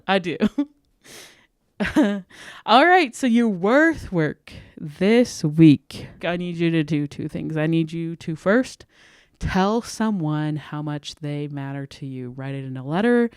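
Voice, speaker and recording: Brief: young female podcast host, heartfelt, low-ish smooth voice, close dry mic. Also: expressive, slow, no room sound. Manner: heartfelt and earnest, laughing often. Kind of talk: encouraging self-worth talk.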